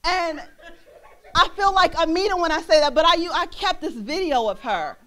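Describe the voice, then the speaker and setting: A young woman minister preaches in a church with bright, high pitch and lively energy. She laughs often and slips into bits of song as she goes. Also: brisk. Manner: animated, laughing, breaks into singing. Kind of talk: sermon.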